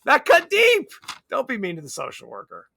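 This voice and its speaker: Man, high lively voice, casual podcast chat, laughs often, acts out quotes. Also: normal speed, vocal fry, husky. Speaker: podcast co-host. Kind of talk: casual movie discussion.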